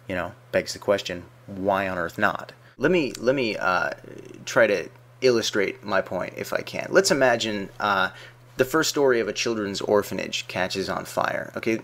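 A man's voice: on the low side, fairly bright tone. A man delivering an argumentative video response, full of sarcastic rhetorical questions. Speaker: video essayist.

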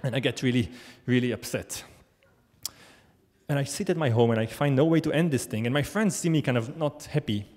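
A man's voice: medium pitch, fairly quick, a little mellow. A man telling a true story on stage in a wry, self-deprecating, conversational way. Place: large theater stage. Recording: long theater hall reverb.

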